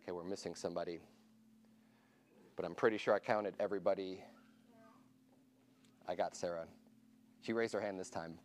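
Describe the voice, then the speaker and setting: A man's voice: deep voice, steady tone, normal speed, pauses often, a little hiss or hum. A man pastor giving casual church announcements to his congregation, informal and chatty, asking the room questions and counting raised hands.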